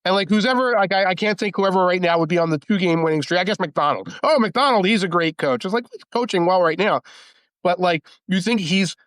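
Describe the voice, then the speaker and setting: A man talking football as a podcast guest, rambling and animated, full of asides. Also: high voice, brisk, no room sound. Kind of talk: casual sports talk.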